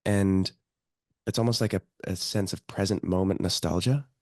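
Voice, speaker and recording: A man's voice: deep voice, a little mellow, no echo, clean studio sound. A man in his thirties, a podcast guest, speaking reflectively and hesitantly. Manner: slow, reflective, hesitant with fillers. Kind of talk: casual conversation.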